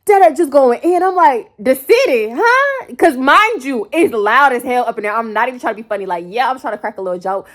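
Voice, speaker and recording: A young woman in her twenties tells a storytime on her phone from bed, slangy and animated. Her voice sits a touch high and jumps sharply upward when she acts out her own reactions. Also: fast talker, hardly any pauses. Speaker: storytime vlogger. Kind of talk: casual storytelling to camera. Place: bedroom at home. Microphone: phone held close.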